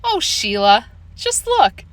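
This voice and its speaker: A woman reading the part of a calm, matter-of-fact mother in an audiobook. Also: fairly high pitch, takes it slowly, no room sound.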